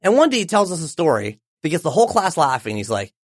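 Lively forties guy telling a story, bouncy pitch, a bit high, dry close sound. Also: quick pace, husky, no room sound. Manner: animated, emphatic storyteller. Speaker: author guest. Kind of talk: storytelling in an interview.

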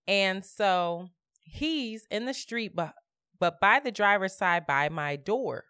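Woman podcast co-host, bright tense voice, casual storyteller who acts out the dialogue. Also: medium pitch, takes it slowly, smooth, no room sound, clean studio sound. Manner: expressive, laughing, acts out dialogue. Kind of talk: casual chat, animated storytelling.

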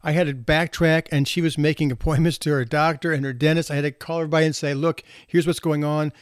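Man in his 60s telling stories, bit higher voice, chuckles, dry close sound. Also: fairly even intonation, quick pace, clear, resonant tone, no room sound. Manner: anecdotal, with laughter and restarts. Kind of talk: casual storytelling talk.

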